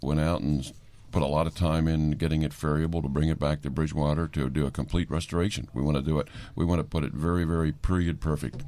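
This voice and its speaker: Very deep-voiced older male guest. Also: fairly even intonation, quick pace, few pauses, mellow. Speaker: aviation company CEO guest. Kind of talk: radio interview.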